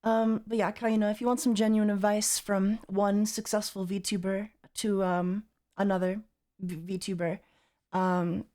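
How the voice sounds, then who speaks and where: A woman's voice: mid-range voice, level tone, unhurried, mellow. A young adult woman streaming as a VTuber, chatting casually and reading chat aloud in a teasing, playful way.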